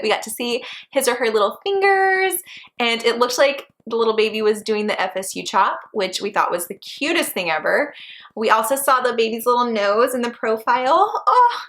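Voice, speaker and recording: A woman's voice: a little high, fairly bright tone. A woman in her twenties chatting in a casual vlog, bubbly and chatty, and laughing often. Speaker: vlogger.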